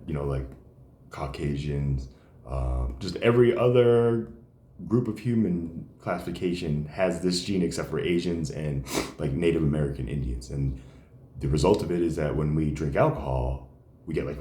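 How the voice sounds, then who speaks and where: A man's voice: rumbling low, moderate pace, dark tone. A man telling personal stories in casual conversation, rambling with many fillers. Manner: rambling, many fillers, acts out quoted dialogue. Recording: echoey room.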